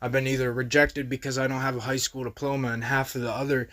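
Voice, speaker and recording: A man's voice: mid-range voice, little pitch movement, fast, a bit bright. A young man hosting a reaction video, talking in heated, profane, exasperated casual commentary.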